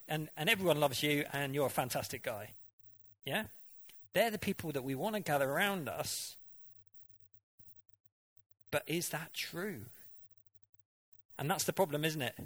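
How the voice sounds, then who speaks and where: Preaching conversationally, a man speaks in a fairly high, fairly bright voice. He often puts questions to the congregation and now and then imitates voices for effect.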